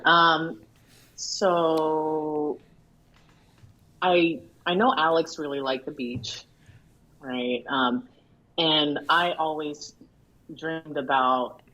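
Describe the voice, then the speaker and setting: A woman's voice: deep voice, slow pace, pauses often, fairly bright tone, lo-fi sound. A young woman, a bride, telling her story as a guest in a casual chat, acting out the quotes and laughing often. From Filipino family in America.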